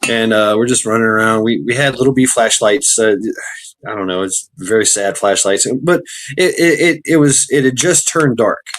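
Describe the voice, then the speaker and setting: A man hosting a podcast in casual chat, rambling with many halting restarts. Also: on the low side, fairly bright tone. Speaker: podcast host.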